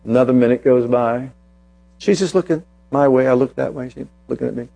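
A man preaching a sermon as pastor, telling a personal story and then slowing down to press his points with emphasis. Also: mid-range voice, gravelly, warm tone, muffled recording.

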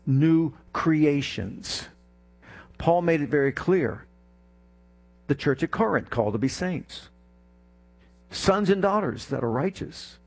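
Husky and mid-range, this preacher's voice moves between quiet, intimate moments and swelling exclamations in an impassioned sermon. He urges the congregation to answer back.

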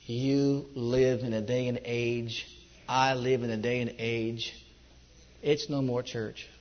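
A middle-aged man preaching a sermon, telling his own testimony with passion, moving between loud, high outbursts and low, hushed stretches. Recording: dull echoey hall recording.

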